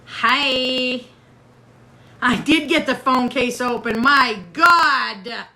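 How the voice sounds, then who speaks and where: Bright, chatty woman hosting a livestream. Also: high-pitched, very slow. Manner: chatty and playful, reads out viewer comments. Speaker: livestream host. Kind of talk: casual livestream chat.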